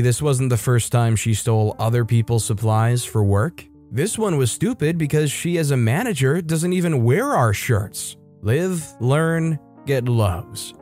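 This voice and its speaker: A man's voice: medium pitch, darkish tone. A man narrating internet stories in a wry, playful scripted style, slipping into mock voices for quoted lines. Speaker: story narrator.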